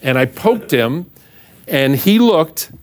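A man's voice: fairly high pitch, lively intonation, slow. A middle-aged man, a pastor, telling a humorous personal story in a sermon, self-mocking and acting out the voices of the people in it.

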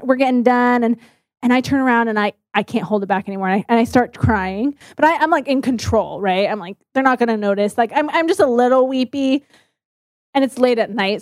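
A woman's voice: high voice, dry recording, clean studio sound. A young woman telling candid personal stories to an audience, with lots of "like" and "um" along the way. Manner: candid and animated, many fillers like "like" and "um". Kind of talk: personal storytelling talk.

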